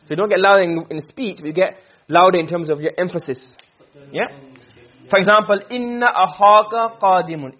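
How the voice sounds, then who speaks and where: Male teacher, high voice, talks fast, checks understanding often; dull, muffled recording. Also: breathy edge. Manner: quick explanations with frequent checks for understanding. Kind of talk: classroom lesson. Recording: dull lo-fi sound.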